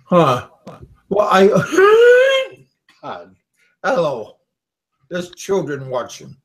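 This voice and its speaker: A man's voice: on the high side, big pitch swings, takes it slowly, rough recording. An American man hosting a casual group call, giggling and mildly scolding with hesitant restarts. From United States. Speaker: livestream host.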